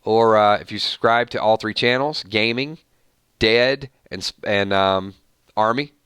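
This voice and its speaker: A man hosting a casual livestream, chatting loosely and rattling off supporters' names with quick thank-yous. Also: lowish voice, steady tone, a bit bright, clean tone, no room sound. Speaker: livestream host.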